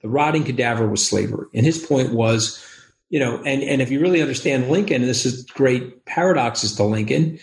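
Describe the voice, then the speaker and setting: A man, speaking as an interview guest in an emphatic, rapid, over-caffeinated way. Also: medium pitch, vocal fry, reverberant. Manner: rapid, emphatic, acts out quoted voices. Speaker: podcast guest. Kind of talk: animated interview talk.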